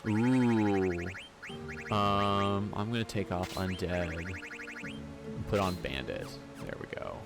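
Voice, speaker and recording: A man's voice: fairly low pitch, slow, music in the background. A man streaming a game, musing aloud over his choices and swearing casually. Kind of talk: casual gameplay commentary.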